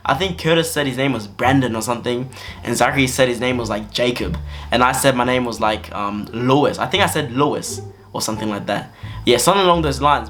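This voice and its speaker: A young man telling a storytime vlog story in an animated, slangy way. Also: mid-range voice. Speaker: vlogger. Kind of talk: storytime narration.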